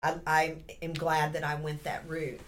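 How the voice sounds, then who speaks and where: A woman in her fifties, a podcast guest, telling a story in a lively, laughing, casual way. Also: low voice, normal speed, a little hiss or hum. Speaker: podcast guest, real estate agent.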